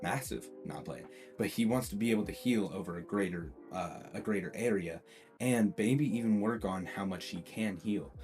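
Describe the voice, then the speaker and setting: A man's voice: fairly low pitch, moderate pace, a little mellow. A man hosting a fan-theory video, telling a what-if story in a loose, chatty way full of fillers and restarts. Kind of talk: casual rambling storytelling. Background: faint guitar music.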